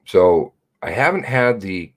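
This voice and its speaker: Speaking slowly in a deep voice with big pitch swings, this man chats casually on a live stream. He reads viewer comments out loud in a rambling, self-mocking way, bouncing from laughter to muttering.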